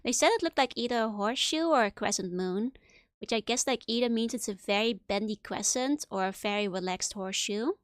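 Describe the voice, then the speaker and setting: Giggly, high-voiced woman streamer. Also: a little fast, no echo, clean studio sound. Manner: chatty and giggly, with frequent little laughs. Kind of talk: casual game commentary.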